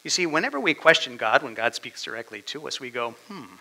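A male pastor preaching a sermon, dramatically swinging between loud declarations and hushed asides. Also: mid-range voice, sing-song, fast, creaky, rough recording.

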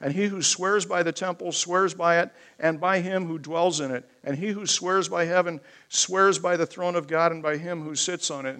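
A man preaching a sermon, thundering scripture and then softening into personal asides. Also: fairly even intonation, normal speed, hardly any pauses. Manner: booming scripture reading, softening into emotional asides. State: choked up.

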